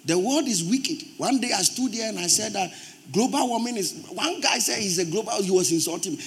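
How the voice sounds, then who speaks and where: A man with a Ghanaian accent preaching a sermon in church, forceful and emphatic, rising to loud outbursts. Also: sits high, animated, a little fast. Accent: Ghanaian English. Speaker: pastor.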